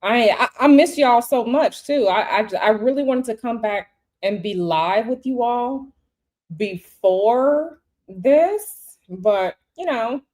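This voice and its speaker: A woman's voice: a little high, expressive, takes it slowly, a little mellow. A woman hosting a tarot livestream from a hotel room, talking casually and chattily to her viewers and repeating herself often. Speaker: tarot reader and livestream host.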